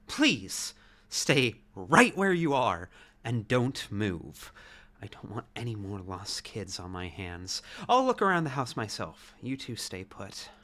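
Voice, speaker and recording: A dry, condescending doctor on the trail of a missing child, read by a man playing along with friends. He talks slowly and deliberately, the pitch rising and falling widely. His tone is bright and clipped. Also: big pitch swings, heavily acted. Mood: stern. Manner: clinical, condescending, slow and deliberate. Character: stern, dry male doctor searching for a lost child. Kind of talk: voicing game dialogue with friends.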